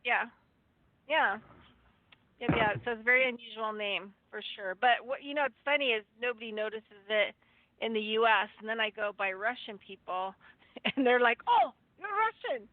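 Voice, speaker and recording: A woman's voice: fairly high pitch, moderate pace, dry recording. Laughing woman guest on a phone line. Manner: laughs easily, relaxed and friendly. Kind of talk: casual interview chat. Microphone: phone or computer call. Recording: dry, tinny phone line.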